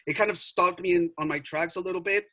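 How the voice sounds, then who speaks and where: A young man telling a story in casual chat, animated, swearing and full of filler words. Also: high-pitched, fast talker, low-quality recording. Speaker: podcast co-host.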